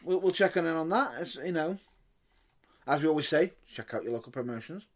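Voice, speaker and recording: A man's voice: fairly high pitch, animated, brisk. A man co-hosting a podcast, bluntly joking and swearing in casual banter. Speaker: podcast co-host.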